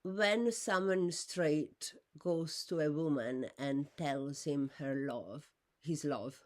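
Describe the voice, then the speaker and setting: A woman talking unscripted about her own life, rambling with fillers and restarts, her voice jumping high when she is indignant. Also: slow. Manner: rises sharply in pitch when indignant. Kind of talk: unscripted personal monologue.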